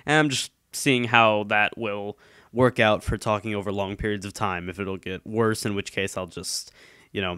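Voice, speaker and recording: A young man who comments on YouTube rambles through a casual solo chat in a smooth, lowish voice. He sounds slightly congested, and the dry recording comes from a desk mic while he wears headphones. He says um a lot and keeps restarting.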